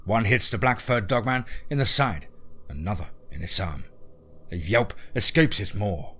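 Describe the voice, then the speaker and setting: A man's voice: lowish voice, animated, moderate pace, bright, forceful tone. A man narrating a scripted horror story in a dramatic, tense present-tense reading.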